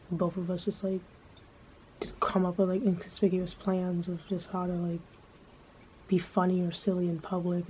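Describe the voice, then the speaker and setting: A woman's voice: lowish voice, warm tone. A woman talking in a casual, rambling monologue, swearing freely and filling her speech with filler words. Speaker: vlogger. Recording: dull lo-fi sound with faint background noise.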